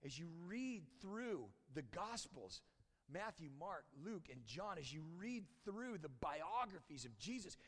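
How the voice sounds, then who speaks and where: A man preaching a conversational sermon as a church pastor, often dropping to a hushed, intense tone. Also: sits high, very animated, a little slow, breathy edge, big-room sound. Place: church sanctuary.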